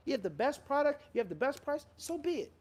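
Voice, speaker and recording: A man with a notably high voice holds forth as a Muslim scholar on a live question-and-answer stream. He preaches emphatically, pressing his points with rhetorical questions and Arabic phrases. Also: big pitch swings, fast talker. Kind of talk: live Q&A sermon.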